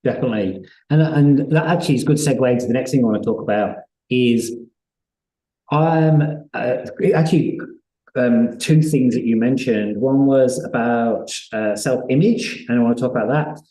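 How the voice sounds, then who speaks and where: A man hosting a live online interview, talking in halting bursts with frequent restarts and fillers. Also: mid-range voice, warm tone. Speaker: host. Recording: roomy echo.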